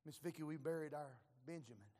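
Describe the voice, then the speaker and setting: An older man preaching a sermon, telling folksy stories and breaking into loud shouted prayers. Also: fairly high pitch, fast. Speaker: pastor. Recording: long echoey church reverb.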